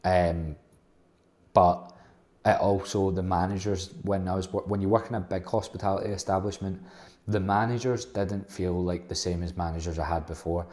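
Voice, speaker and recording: A man's voice: deep voice, level tone, moderate pace, a little mellow. A young man telling a rambling, blunt and sweary personal story as a casual vlog host.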